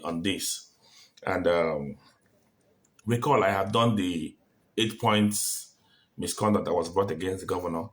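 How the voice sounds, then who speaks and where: Emphatic man giving legal opinion. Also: sits low. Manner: emphatic, repeats key phrases. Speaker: legal commentator. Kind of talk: spoken opinion commentary.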